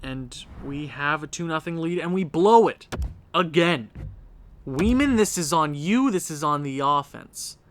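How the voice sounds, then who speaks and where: A man's voice: on the high side, lively intonation, measured pace, a bit bright, slight background noise. Fired-up young man calling his hockey game. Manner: exasperated, pleading, talks to the team. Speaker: gaming video creator. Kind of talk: casual gameplay commentary. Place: house at night.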